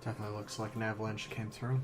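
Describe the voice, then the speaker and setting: A man's voice: fairly low pitch, monotone, rapid-fire, music in the background. A man playing a tabletop game, talking casually and restarting sentences as he works out where things are. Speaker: player.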